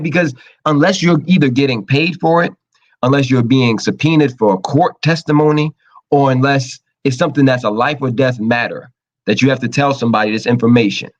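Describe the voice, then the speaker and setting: A man hosting a casual advice talk show, animated and acting out quoted voices as he talks. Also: medium pitch, muffled recording. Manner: animated, acts out quoted voices, laughs often.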